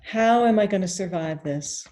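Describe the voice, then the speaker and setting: A woman coaching a guided tapping session. She speaks gently, repeats phrases in the first person, and pauses for sighs and deep breaths.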